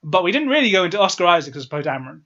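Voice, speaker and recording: Fast-talking, rambling man reviewer. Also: sits high, big pitch swings, pushed and bright. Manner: quick, rambling, hedging. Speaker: film reviewer co-host. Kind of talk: casual film review chat. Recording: dull lo-fi sound.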